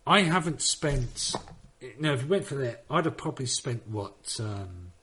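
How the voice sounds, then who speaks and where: A man's voice: mid-range voice, expressive, normal speed, bright, forceful tone, slight background noise. A man chatting casually on a gaming podcast, rambling and swearing as he tells jokey stories. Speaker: podcast panelist.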